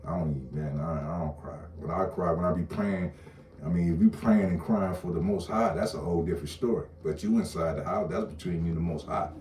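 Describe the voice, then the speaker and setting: Deep-voiced man ranting bluntly to camera; mic set back, faint background hum. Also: fairly quick, darkish tone. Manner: blunt, profane, repetitive. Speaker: online commentator. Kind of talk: casual rant to camera. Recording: roomy echo, distant mic, faint ambience.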